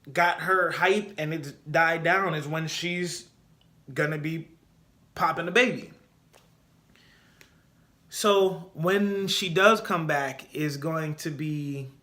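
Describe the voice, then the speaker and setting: A young man talks through his takes on a casual solo podcast, opinionated and animated, circling back to hammer his points home. His voice sits a little high for a man and comes across bright and forceful. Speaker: podcast host.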